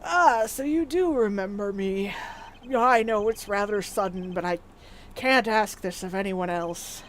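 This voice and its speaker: A woman voicing a worried older man who pleads for help in a slow, solemn, halting way. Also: medium pitch, a little hiss or hum, voice pushed down, close to an everyday voice. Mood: grave, pleading.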